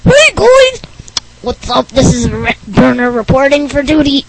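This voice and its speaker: A woman's voice: high-pitched, very animated, measured pace, gravelly, crowd noise, full character voice, poor audio. A woman putting on a squealing, hyper goofball guy. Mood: excited.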